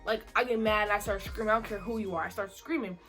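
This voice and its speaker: Bright-voiced young woman telling a story. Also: mid-range voice, fast talker, soft background music. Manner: animated, slangy, repeats herself for emphasis. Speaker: vlogger. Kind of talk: casual storytime.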